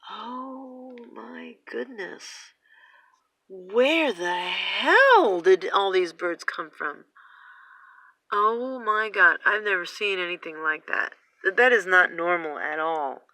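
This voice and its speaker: A woman filming outdoors on a phone, giving an excited, breathless running commentary and exclaiming over and over. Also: lowish voice, takes it slowly, dry recording. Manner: breathless, exclaiming, repeating herself. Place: outdoors in the cold.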